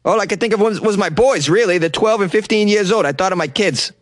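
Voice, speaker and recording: A man's voice: sits high, no room sound, voice pushed up, natural voice. A man putting on a Boston accent to voice a shaken middle-aged diver who stumbles over his words. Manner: halting, repeats words.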